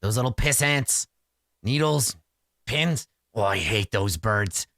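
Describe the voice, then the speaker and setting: A man's voice: on the low side, animated, slow, fairly bright tone, no room sound, heavily acted. A man voicing a small, boastful, bloodthirsty redcap general in a tabletop game, in a sly, menacing way. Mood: spiteful.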